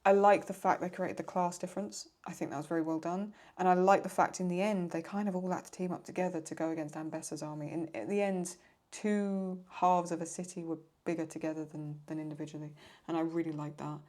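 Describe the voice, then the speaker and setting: A woman talks in a loose, rambling way, as a video host answering viewer questions. Her voice sits a little low for a woman. She keeps paraphrasing and stopping to apologize when she loses her thread. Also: steady tone, brisk, a little mellow. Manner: rambling, paraphrasing lines, apologizes for getting stuck. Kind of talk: casual chat.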